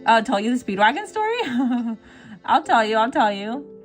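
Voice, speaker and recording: A woman hosting a relaxed art livestream, reading viewers' messages aloud and answering them with frequent giggles. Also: a little high, moderate pace, soft background music. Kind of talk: casual chat with viewers.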